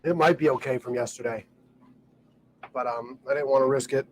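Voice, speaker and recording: A man, chatting casually in a relaxed, rambling way with lots of fillers, recorded on a boat outdoors. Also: mid-range voice, moderate pace, slight background noise, rough recording. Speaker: vlogger. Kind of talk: casual vlog talk.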